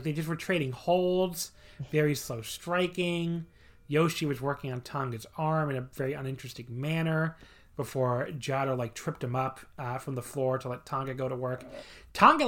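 A man's voice: medium pitch, normal speed. Blunt, opinionated man on a podcast. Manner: blunt, opinionated, swears freely. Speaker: podcast co-host. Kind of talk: casual podcast chat reviewing wrestling matches.

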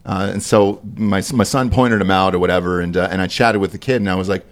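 A man from Texas chatting casually on a podcast, relaxed and rambling, swearing freely. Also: sits low, fast, few pauses. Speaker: podcast host.

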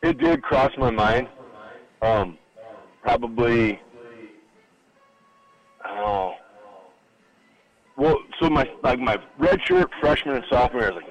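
A man's voice: mid-range voice, moderate pace, pauses often, highs cut off. A middle-aged man, a former college football lineman, telling stories as a guest in a casual interview and acting out the lines of the people in them. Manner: animated anecdotal storyteller acting out quotes. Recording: radio broadcast studio.

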